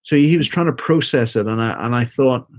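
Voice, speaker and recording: A middle-aged man, a seminary professor and minister, telling a personal story as an interview guest in a soft, reflective, halting way, often repeating words as he goes. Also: medium pitch, dry recording.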